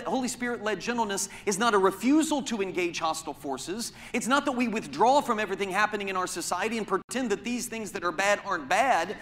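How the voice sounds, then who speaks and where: This sermon comes from a pastor whose voice is high and bright. Pointed rhetorical questions carry his argument, and the sound rings out with the long reverb of a large hall.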